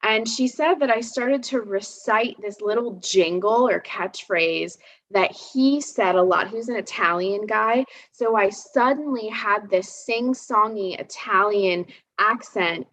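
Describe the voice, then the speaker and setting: A woman in her thirties, a psychic guest in a casual live chat, telling stories in an animated way with many restarts and fillers. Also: mid-range voice, a little slow. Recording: slightly dull lo-fi sound.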